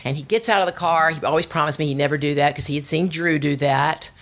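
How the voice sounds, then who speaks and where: A middle-aged woman, giving a personal testimony and telling it with animated storytelling, acting out family voices. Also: deep voice, quick pace, gravelly. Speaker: speaker sharing her testimony.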